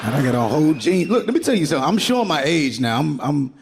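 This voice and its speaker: A man in his forties doing stand-up in a loud, rowdy, freely swearing manner. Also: a little high, sing-song, quick pace, creaky, slight background noise. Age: 40s. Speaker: stand-up comedian. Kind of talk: stand-up routine.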